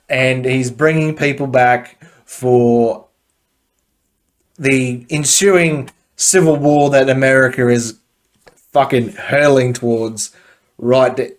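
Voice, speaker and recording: Blunt Australian man doing podcast commentary. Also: medium pitch. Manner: blunt, profane, offhand commentary with frequent fillers. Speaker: podcast host.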